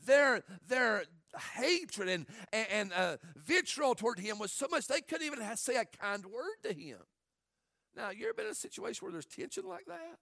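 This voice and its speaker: A man preaching a sermon in an animated way, acting out the people in his story in different voices. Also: very high-pitched, moderate pace, gravelly, dry recording, studio quality. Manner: animated, acts out quotes in varied voices. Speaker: pastor.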